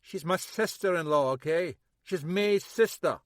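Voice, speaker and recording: A man's voice: high-pitched, measured pace, no room sound, studio quality, pitched above the performer's own voice. A man playing a nervous, evasive man. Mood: defensive. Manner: defensive, wavering. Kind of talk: audiobook character voice.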